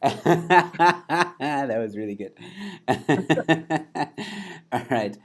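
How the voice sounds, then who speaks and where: Man, comedy host, unhurried, laughs a lot, lively pitch. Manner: laughs a lot, reads out viewer suggestions. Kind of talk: casual comedy chat.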